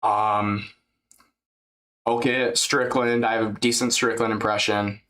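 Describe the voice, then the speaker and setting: A man's voice: lowish voice, level tone, measured pace, pushed and bright. A young man chatting live as a streamer during a fight event, joking, crude and rambling. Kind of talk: live fight-companion chat.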